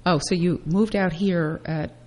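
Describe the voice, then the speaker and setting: A woman's voice: on the low side, fairly even intonation, unhurried, darkish tone. A woman hosting an interview, asking curious follow-up questions. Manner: curious, prompting follow-ups. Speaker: host.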